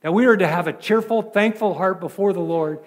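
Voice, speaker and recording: A man's voice: high-pitched, fairly quick, long reverb tail. A male pastor preaching a sermon in a chatty way, full of repeated words and rhetorical questions.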